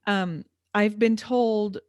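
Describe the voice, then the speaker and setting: A woman's voice: medium pitch, fairly even intonation, takes it slowly, a little mellow, dry recording, studio quality. A woman, a fitness instructor talking candidly as a podcast guest, laughing often and stumbling over her words. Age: 40s. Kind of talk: casual podcast interview.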